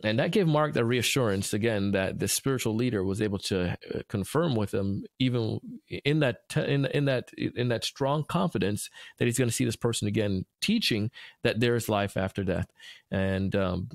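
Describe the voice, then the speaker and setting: A man with a low, gravelly voice hosts a devotional podcast talk. He speaks earnestly and encouragingly, often restarting his sentences. The sound is close and dry. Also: moderate pace, no echo. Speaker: podcast host.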